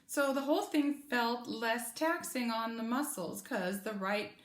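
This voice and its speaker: Slow, high-voiced woman teaching singing. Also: lively intonation. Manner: patient, encouraging, demonstrates with sung vowels and cat meows. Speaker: choir voice teacher. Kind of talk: vocal lesson with sung demonstrations. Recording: echoey room with music in the background.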